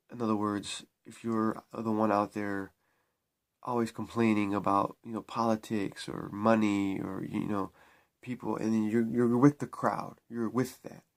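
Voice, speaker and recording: A man talking to camera in a spiritual vlog, preaching in a repetitive, emphatic way with frequent restarts. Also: on the low side. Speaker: spiritual vlogger.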